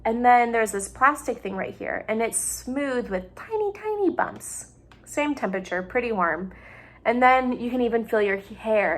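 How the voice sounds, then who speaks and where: Young woman gently explaining to kids. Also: a little high. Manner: patient and plain-spoken, simple examples for children. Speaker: doctoral student in psychology. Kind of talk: gentle explanatory talk for families.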